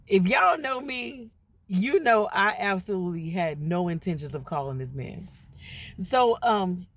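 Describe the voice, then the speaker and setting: Chatty woman telling a story, vocal fry. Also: mid-range voice, animated, a little slow. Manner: chatty, addresses viewers directly, acts out quoted voices. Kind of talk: casual storytime to camera.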